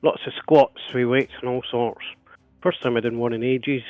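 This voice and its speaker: A man's voice: medium pitch, fairly even intonation, normal speed, no echo, narrow, tinny audio. A chatty man from Britain talks casually with his gaming group, cracking jokes between turns. His voice is close and dry, with no room sound, and faint music plays behind him. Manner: chatty and joking. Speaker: player. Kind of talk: casual chat at a tabletop game.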